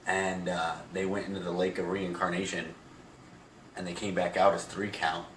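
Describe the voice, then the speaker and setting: A man's voice: sits low, little pitch movement, moderate pace, fairly bright tone, recorded from a distance. A man co-hosting a casual chat, recapping events in a rambling way with lots of fillers. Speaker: podcast co-host. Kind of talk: casual chat about wrestling. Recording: echoey room, off-mic, faint noise.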